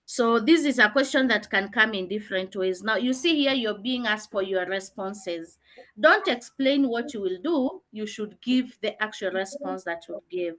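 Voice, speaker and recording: A female teacher leads a classroom revision lesson, stressing key phrases, repeating herself and often pausing on "uh". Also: medium pitch, animated, fairly bright tone. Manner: emphatic, repeats key phrases with frequent "uh" fillers. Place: classroom with students.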